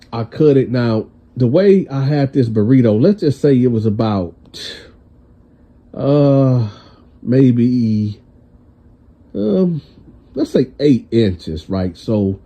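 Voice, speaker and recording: A man's voice: medium pitch, mellow. A man telling a prison story to his viewers in casual, slangy speech that often stammers and restarts. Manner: stammering, calls himself tongue-tied; slangy, addresses viewers as y'all.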